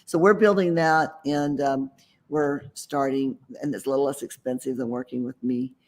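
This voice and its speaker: Speaking at a moderate pace, this male interview guest, a writer of books and a mentor, comes across as chatty and sure of himself, with some rambling and restarts. His mid-range voice is fairly even in intonation and a little mellow.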